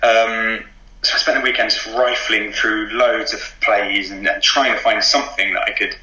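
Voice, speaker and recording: A man with a posh English accent talks in a loose, hesitant way, full of ums and laughing often. His voice is very bright and sits a little low. The room around him rings with a noticeable echo. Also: steady tone, normal speed. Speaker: actor interviewed as guest. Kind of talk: casual interview chat.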